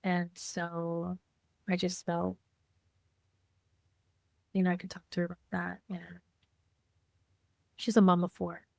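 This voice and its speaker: A woman co-hosting a podcast, speaking softly and reflectively in casual heartfelt chat. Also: lowish voice, monotone, slow, vocal fry, pauses often, no echo, clean studio sound. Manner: reflective, soft-spoken, many fillers. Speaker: podcast co-host.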